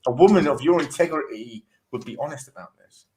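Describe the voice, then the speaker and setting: A man's voice: medium pitch, lively intonation, brisk, mellow, slight background noise, rough recording. A man competing in a casual online quiz from his home over a video call, joking and rambling in asides. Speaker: quiz contestant. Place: home room with a balcony window.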